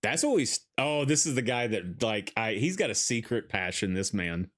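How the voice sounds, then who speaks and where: A man's voice: lowish voice, lively intonation, normal speed, fairly bright tone. A man hosting a podcast, chatting casually while watching a film, laughing often and swearing freely. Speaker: podcast host.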